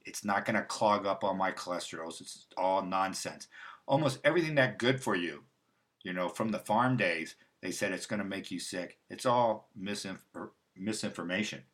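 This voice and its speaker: A man's voice: sits low, moderate pace, a bit bright. A man hosting a casual livestream, talking in a loose, rambling way with restarts and asides. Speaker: host. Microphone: livestream mic.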